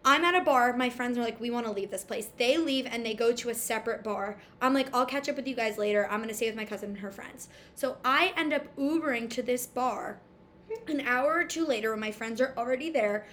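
High-voiced young woman telling a story. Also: fairly quick, a little hiss or hum. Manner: animated, breathless storytelling with quoted dialogue. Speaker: storyteller guest. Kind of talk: casual chat.

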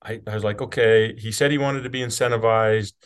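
A man's voice: fairly low pitch, steady tone, brisk, clear, resonant tone. A middle-aged man from rural Utah, a company CEO talking candidly as a podcast guest, blunt and casual, with the odd swear word. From rural Utah, USA. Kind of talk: candid conversational interview.

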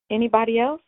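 A woman's voice: fairly high pitch, dry recording. Woman hosting a call-in over the phone. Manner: warm, playful, laughs often and breaks into song. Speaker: host of a call-in prayer line. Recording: phone line, dry.

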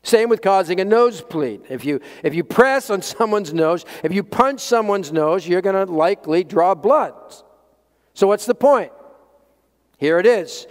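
A man preaching a sermon as pastor, emphatic, swinging between loud peaks and quiet low lines. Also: lively intonation, unhurried. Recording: long hall reverb.

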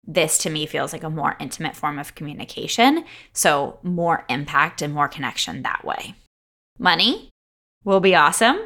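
Chatty woman hosting a podcast, low voice. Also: expressive, moderate pace, pushed and bright. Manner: upbeat, chatty, reads off lists; openly emotional, laughs easily. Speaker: podcast host. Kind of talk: solo podcast monologue.

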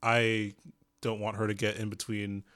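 A man's voice: fairly low pitch, completely flat delivery, normal speed, a bit bright, smooth. A man who is a guest on a comics podcast, chatting casually and enthusiastically, with many "like"s and "um"s. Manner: enthusiastic, hedging with "like" and "um". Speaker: guest, music composer. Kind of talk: casual chat.

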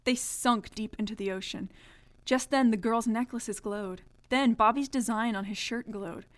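A woman's voice: fairly high pitch, normal speed. A woman co-hosting a casual podcast, reading a childhood story aloud with mock-dramatic voices and dry asides. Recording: lo-fi podcast audio.

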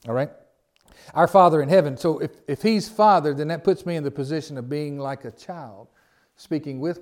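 A pastor with a Southern US accent preaches in a folksy, conversational manner, circling back to repeated phrases and slipping in asides. His voice sits in the middle range with a somewhat dark tone.

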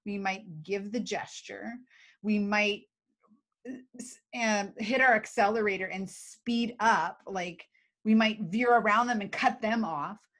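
A woman's voice: medium pitch, unhurried, fairly bright tone. A woman co-hosting a talk show, explaining emotional skills casually, laughing often and acting out examples. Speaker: podcast co-host teaching emotional skills.

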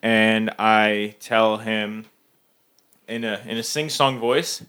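A man's voice: on the low side, steady tone, slow, sharp tone. A man playing a tabletop game, casually describing his character's moves with laughs and playful asides. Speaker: player.

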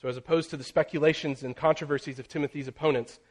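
A man preaching a sermon, building in intensity through emphatic lists and dropping to a near hush on key phrases. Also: fairly high pitch, steady tone. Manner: slows and drops very soft on key phrases.

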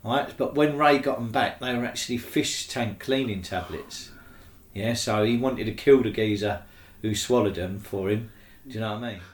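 A man talks in a loose, slangy way and keeps adding "do you know what I mean". His voice sits low. The room around him rings with echo. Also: normal speed. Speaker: interviewee. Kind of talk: casual storytelling.

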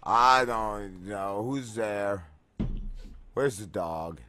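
A man voicing a slow, timid, childlike female co-host who mumbles in drawn-out baby talk on prank calls. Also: lowish voice, bright, forceful tone, slight background noise, full character voice. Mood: scared. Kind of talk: prank-call comedy character.

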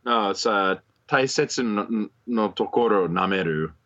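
A man's voice: lowish voice, a little slow, fairly bright tone, dull audio. A man co-hosting a podcast, stammering through crude, wry stories full of swearing. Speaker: podcast co-host. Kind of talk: crude casual banter.

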